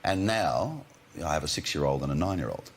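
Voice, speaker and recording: A man guest on a TV talk show, telling relaxed anecdotes with lots of "you know" and chuckles. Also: a bass voice, fast, a little hiss or hum. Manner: laid-back storyteller, chuckling, full of you-knows. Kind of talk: casual chat, anecdotes. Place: TV studio with audience.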